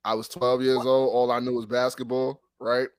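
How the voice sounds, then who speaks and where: A man telling a long story in casual chat on a sports podcast, animated and profane, full of restarts. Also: mid-range voice, normal speed, clean tone, dry recording. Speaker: podcast co-host.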